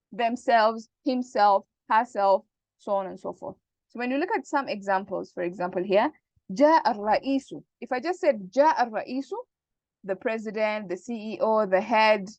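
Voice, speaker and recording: A woman teaching Arabic grammar in an online class, explaining slowly and checking that students follow. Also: medium pitch, no echo. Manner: patient, repeats points and checks understanding.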